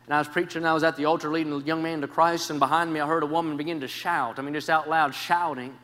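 Male evangelist, bright and forceful tone, storytelling sermon that goes from hushed to shouting, long church reverb. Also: a little high, fairly even intonation, quick pace. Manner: impassioned storytelling, swings from quiet to shouting; repeats "can I say" as a preaching cue. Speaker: traveling preacher. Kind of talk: revival sermon. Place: church sanctuary.

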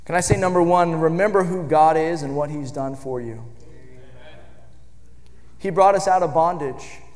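High-voiced man preaching in a reverberant church. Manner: builds from low, measured speech to shouted emphasis. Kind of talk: sermon. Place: church sanctuary. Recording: church hall with long reverb.

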